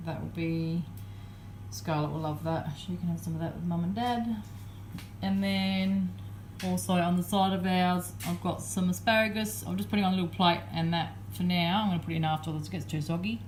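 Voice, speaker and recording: A woman's voice: fairly low pitch, fairly even intonation, normal speed, darkish tone, slight background noise. A woman in her thirties with an Australian accent, casually narrating a daily vlog from her home kitchen in a rambling, chatty way. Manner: chatty, rambling, many fillers. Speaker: vlogger.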